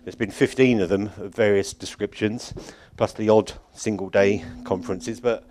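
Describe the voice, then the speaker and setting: A man with a slightly low voice speaks to a church conference crowd in a loose, off-the-cuff way. He circles back on his sentences, stumbles and chuckles to himself. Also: steady tone, normal speed, a little mellow, slight background noise. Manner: rambling, self-correcting, chuckling often. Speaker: conference organiser addressing congregation. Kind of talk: informal closing address at a church conference.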